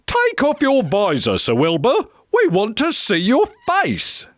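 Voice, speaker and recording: A man's voice: high voice, huge pitch swings, a little slow, a bit bright, no echo, studio quality, exaggerated voice. Woman doing a stately proclaiming king. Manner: proclaiming, formal. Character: grand stately king hosting a tournament.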